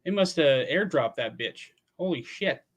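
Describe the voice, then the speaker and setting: A man of about fifty from Pennsylvania, USA, hosts a casual livestream from home, chatting in a laid-back way with casual swearing. His voice is fairly high and animated, at a measured pace.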